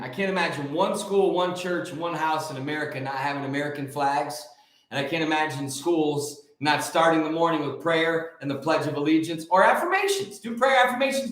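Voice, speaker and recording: A male host giving an emphatic, preachy motivational monologue, stretching key words out slowly. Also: fairly high pitch, fairly bright tone. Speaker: show host. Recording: very echoey room.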